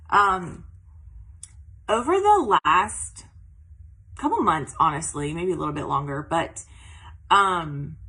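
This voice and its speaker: Lady chatting on a live stream, lots of ums, bright but kinda husky. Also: fairly low pitch, rough recording. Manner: chatty, fillers and drawn-out "um"s. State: out of breath. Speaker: direct sales consultant. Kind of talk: casual live-stream talk.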